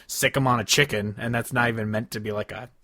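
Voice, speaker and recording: A man co-hosting a casual podcast, blunt and often laughing, with plenty of swearing. His voice sits at a middle pitch and is recorded dry and close, with no room sound. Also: steady tone, fast talker, sharp tone, no room sound. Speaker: podcast co-host. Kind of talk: casual chat.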